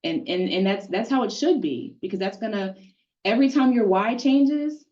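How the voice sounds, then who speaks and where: A woman's voice: mid-range voice, lively intonation, normal speed, a little mellow, recorded from a distance, dull audio. A woman hosting a group discussion, thinking aloud and restarting her words. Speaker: group session host.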